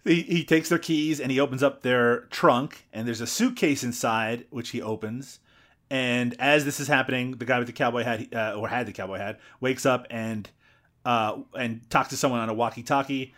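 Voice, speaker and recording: A man's voice: mid-range voice, normal speed, fairly bright tone. A man co-hosting a podcast, retelling a movie's plot in casual chat with jokes and asides. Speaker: podcast co-host.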